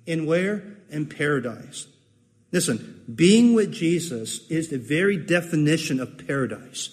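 A man's voice: fairly high pitch, expressive, unhurried, darkish tone, big-room sound. A man preaching a sermon in an earnest way, repeating key phrases for emphasis. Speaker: pastor.

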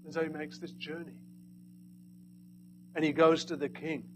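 A man preaching a sermon, swinging between loud emphatic lines and hushed, quiet asides. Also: a little high, little pitch movement, normal speed, background noise.

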